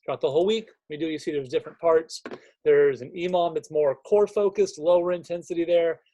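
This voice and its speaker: A man's voice: on the high side, brisk, warm tone, slight background noise. A man, a fitness coach, walking gym owners through a home workout program in a conversational, fired-up way, often checking in with "right?". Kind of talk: screen-share walkthrough for gym owners.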